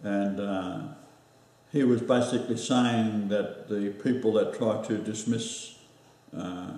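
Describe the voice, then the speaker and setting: Australian male host, mellow voice, rambling with lots of fillers, set back from the mic in a very echoey room. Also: fairly low pitch, distant mic. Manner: rambling, halting with many fillers. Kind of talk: casual chat.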